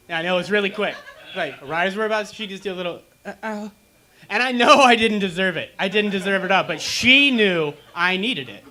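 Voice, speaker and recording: A young man doing a stand-up comedy set on a small lounge stage, telling dark jokes in a deadpan way. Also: a little high. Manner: dark deadpan jokes, acting out pained groans.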